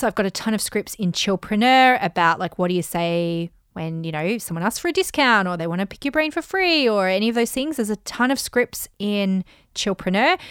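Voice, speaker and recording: A woman hosting her own podcast, coaching listeners on money and pricing in an upbeat, animated way and often acting out calm replies. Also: mid-range voice, clear, resonant tone, no room sound, studio quality. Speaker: podcast host and business coach. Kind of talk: motivational solo podcast talk.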